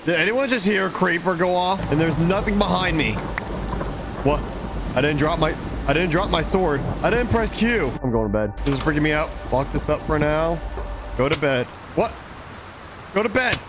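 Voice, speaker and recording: A man commentating a horror game, jumpy, yelping and shouting when startled. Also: fairly high pitch, lively intonation, normal speed, over loud music. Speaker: gaming YouTuber.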